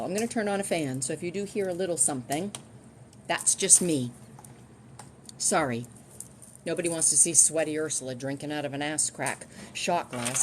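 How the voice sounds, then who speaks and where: A woman's voice: deep voice, slight background noise. A middle-aged woman chatting casually on a live stream from home, rambling and restarting her sentences.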